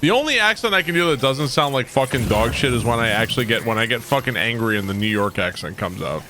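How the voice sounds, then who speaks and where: A young man casually commentating his gameplay live, excitable and swearing freely while chatting with viewers. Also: medium pitch, quick pace, a little hiss or hum. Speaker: game streamer.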